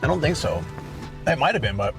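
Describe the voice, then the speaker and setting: A man's voice: mid-range voice, very animated, fairly quick, vocal fry, over music. A man hosting a live stream, chatting casually and answering viewers as he goes, by a car at a parking lot.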